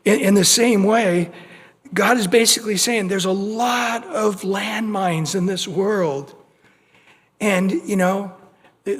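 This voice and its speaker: A man preaching an expository sermon as pastor, conversational and animated, acting out small everyday scenes and restarting his words as he goes. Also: high-pitched, a little slow. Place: church sanctuary. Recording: long reverb of a church hall.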